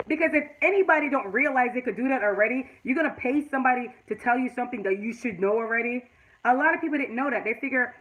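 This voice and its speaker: A woman's voice: fairly high pitch, lively intonation, fast, a bit bright, poor audio. A middle-aged woman with a Jamaican accent hosting a live stream, giving casual, emphatic advice and chatting with viewers. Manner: emphatic, repeats herself, chats to viewers.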